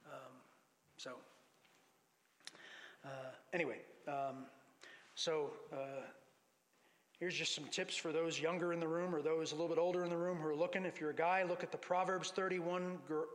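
A man's voice: a little high, flat delivery, normal speed, pauses often. A man preaching a sermon to a congregation, teaching lessons from scripture and reading passages aloud. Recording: long hall reverb.

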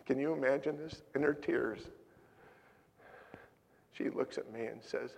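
An older man preaching a sermon, telling a story with strong emotion, swinging from loud to hushed. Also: mid-range voice, slow pace, gravelly, pauses often, husky. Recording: long hall reverb.

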